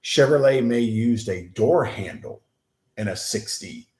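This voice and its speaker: A man's voice: medium pitch, animated, measured pace, darkish tone. A man appearing as a guest on a casual live stream, talking hesitantly with many restarts and agreeing easily. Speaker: guest, co-worker of the host. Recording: roomy echo.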